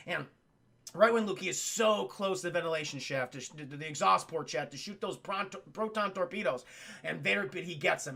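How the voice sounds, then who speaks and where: A young man streaming a casual film recap to his chat, excitable and swearing as he acts out scenes. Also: high voice, fairly quick, creaky.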